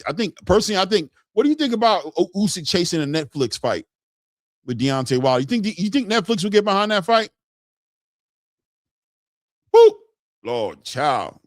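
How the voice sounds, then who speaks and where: A man hosting a casual boxing livestream, talking in an excitable, slangy way and hollering often. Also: mid-range voice, dry recording, studio quality. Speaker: boxing commentary host. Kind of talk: casual livestream fight commentary.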